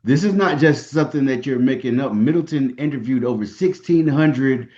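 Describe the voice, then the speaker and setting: A man's voice: medium pitch, normal speed, dark tone, highs cut off. A man hosting a casual podcast conversation, backing his guest up with frequent affirmations. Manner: encouraging listener, frequent affirmations. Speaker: podcast host.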